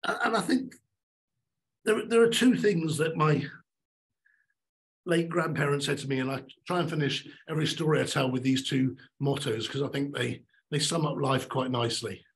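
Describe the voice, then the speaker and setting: A middle-aged man giving a motivational talk on stage, emphatic and animated, repeating his key lines. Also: on the high side, moderate pace, poor audio. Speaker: keynote speaker.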